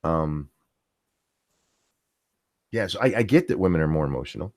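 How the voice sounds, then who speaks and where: A man's voice: very deep voice, lively intonation, normal speed, vocal fry, long pauses, no room sound, clean studio sound. A middle-aged man ranting profanely on a casual live stream, reading viewer comments aloud as the host.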